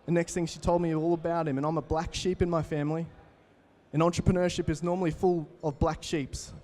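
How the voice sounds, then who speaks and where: Energetic young Australian man speaking. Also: on the high side, brisk. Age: 20s. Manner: energetic, storytelling, addresses the crowd directly. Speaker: keynote speaker. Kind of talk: motivational talk to a live audience.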